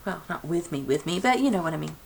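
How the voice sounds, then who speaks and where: A woman's voice: low voice, animated, fast, creaky, darkish tone, a little hiss or hum, rough recording. A young woman from Georgia, chatting in a rambling way while she works on a craft project. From Georgia, USA. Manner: rambling, chatty, many fillers and restarts. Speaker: craft vlogger. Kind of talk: casual chat while crafting.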